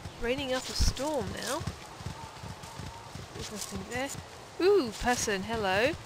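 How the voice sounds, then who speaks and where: Give me an excitable woman gaming. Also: fairly high pitch. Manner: chatty, excitable, quick asides. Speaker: let's play host. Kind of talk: casual gameplay commentary. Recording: noisy home commentary track.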